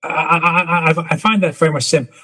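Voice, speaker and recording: A husky-voiced man hosts a casual interview, stumbling over and repeating his words as he talks. His voice carries a long reverb, as if recorded in an echoing room. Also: a little high, steady tone, fairly quick, sharp tone. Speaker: host.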